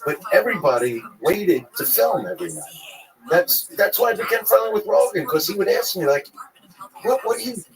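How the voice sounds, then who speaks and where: A guest in a casual interview spins rambling, foul-mouthed stories and acts out other people's voices. His voice is high and animated, a little fast, and the poor audio picks up crowd chatter behind him.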